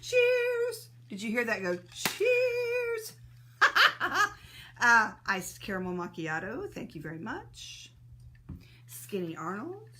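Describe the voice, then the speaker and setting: A woman's voice: mid-range voice, very animated, normal speed, pushed and bright, slight background noise. A woman hosting a casual live stream, greeting viewers by name and laughing often, a little sneezy and teary-eyed.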